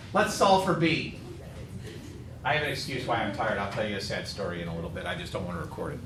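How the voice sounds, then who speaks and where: In a fast, sing-song delivery with few pauses, a math teacher with a fairly low voice lectures his calculus class, tired yet joking with students as he solves a problem. Sound comes from an echoey classroom with faint noise.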